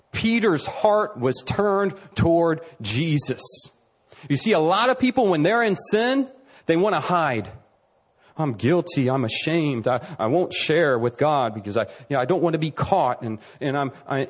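A man preaching a sermon, animated, shifting between quick runs and slow emphatic lines, sometimes dropping soft and low to act out quoted speakers. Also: breathy edge. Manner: acts out quoted voices, drops to a soft low tone.

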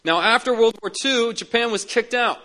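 A man's voice: very high voice, normal speed, pushed and bright. A man preaching a sermon as a pastor, telling stories earnestly and repeating key words for emphasis. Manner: earnest storytelling with emphatic repetition.

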